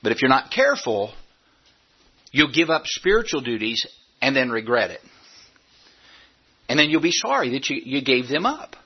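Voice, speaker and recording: A man preaching a sermon as a pastor, emphatic, repeating his points and slowing down to stress them. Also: mid-range voice, sing-song, slightly rough, lo-fi sound. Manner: emphatic, repeats phrases, slows down for key points.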